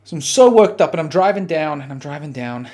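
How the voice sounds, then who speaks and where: An Australian man hosting a podcast, telling a story in a casual, animated, profane way. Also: a little high, fairly quick. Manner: animated, profane, dramatic retelling. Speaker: podcast host.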